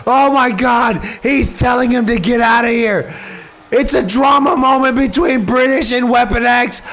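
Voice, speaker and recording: A man giving excited play-by-play commentary on a wrestling video game, often shouting exclamations. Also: extremely high pitch, unhurried, slight background noise.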